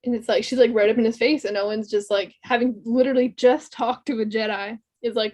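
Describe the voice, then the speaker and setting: A woman co-hosting a fan podcast, recapping episodes in a casual, animated way and acting out characters' lines. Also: on the high side, a little fast. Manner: animated storytelling recap, laughs often, acts out quotes. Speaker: podcast co-host.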